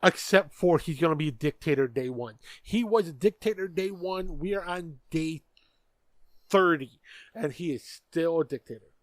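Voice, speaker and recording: Male podcast co-host, blunt and profane, slightly high voice, dry close sound. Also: normal speed, no room sound. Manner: blunt, profane, stammers on restarts. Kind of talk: casual political chat.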